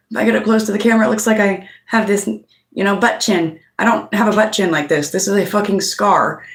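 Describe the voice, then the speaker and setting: A woman's voice: mid-range voice, recorded from a distance. Blunt, swearing woman in a roomy space. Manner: blunt, heavy swearing, storytelling with quoted voices. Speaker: channel host. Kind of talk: casual monologue to camera. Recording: roomy sound, voice off-mic.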